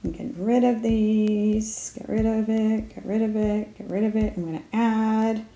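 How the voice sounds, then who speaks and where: A woman walks through an app tutorial step by step, narrating her own clicks as she goes. Her voice is mellow and soft at the edges. The sound carries the echo of a bare room. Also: a little high, flat delivery, moderate pace. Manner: talks herself through each step, with fillers. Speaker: speech therapist. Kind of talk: screen-recorded app tutorial.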